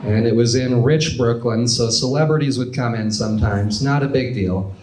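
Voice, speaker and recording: A young man in his twenties doing a stand-up comedy set with a dry, deadpan delivery in a club. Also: mid-range voice, moderate pace, slight background noise. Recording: echoey club with audience laughter. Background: crowd laughter.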